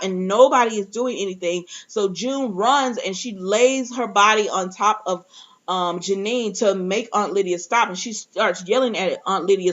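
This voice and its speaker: A young woman, recapping a TV episode in a casual, animated way, acting out quotes and laughing often. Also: medium pitch, moderate pace. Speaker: TV recap vlogger. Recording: slightly dull lo-fi audio.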